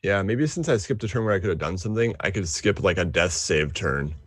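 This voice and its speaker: A man's voice: sits low, expressive, fairly quick, fairly bright tone, no echo. A man playing a tabletop game, laid-back and a bit hesitant. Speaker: player.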